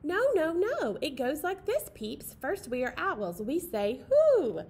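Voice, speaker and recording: Storybook big brother owl, bossy and lecturing, as read by a woman, high bright voice, swooping hoots. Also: wildly swooping pitch, slow, heavily acted. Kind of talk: picture-book read-aloud.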